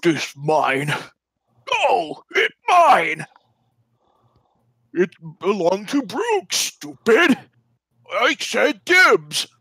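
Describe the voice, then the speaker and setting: A man voicing a dim, quarrelsome two-headed male ogre that bickers with itself in broken speech, shouting. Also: sits high, huge pitch swings, drawn-out words, long pauses, slightly rough, dry recording, studio quality, voice pushed up, exaggerated voice. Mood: bickering.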